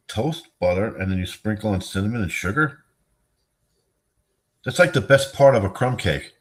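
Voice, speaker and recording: Weary, low-voiced New man. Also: animated, moderate pace, pauses often. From New York. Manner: profane, wisecracking, easily amazed. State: tired, yawning. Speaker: streamer chatting with viewers. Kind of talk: casual chat.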